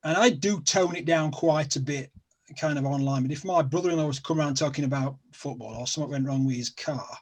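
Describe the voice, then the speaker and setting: Guest: South Yorkshire man, husky, slightly high, rambling and jokey. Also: quick pace, low-quality recording. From Sheffield, South Yorkshire, England. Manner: chatty, rambling, self-deprecating humor. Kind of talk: casual chat.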